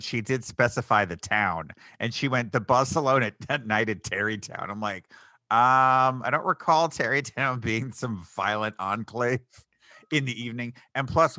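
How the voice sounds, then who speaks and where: A man's voice: mid-range voice, sharp tone, no room sound. A man co-hosting a podcast, casually and sarcastically nitpicking a TV episode with frequent laughs. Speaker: podcast co-host. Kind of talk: casual chat recapping a TV show.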